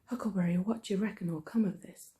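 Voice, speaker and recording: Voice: mid-range voice, steady tone, fast talker, dark tone, voice pushed up, lightly acted. A teacher reading aloud, voicing a frightened young boy in a put-on American accent, whispering breathlessly. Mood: anxious whisper. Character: frightened boy Tom Sawyer, young, anxious.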